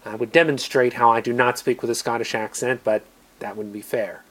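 An American man preaching a sermon, earnest, moving between emphatic lines and quiet ones. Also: mid-range voice, steady tone, brisk. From United States.

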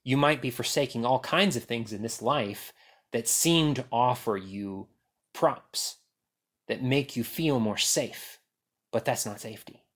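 A man preaching a sermon, acting out quoted voices and dropping to a hush at key lines. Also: medium pitch, a little slow, husky. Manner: animated, acts out quotes and swings from loud to hushed. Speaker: pastor.

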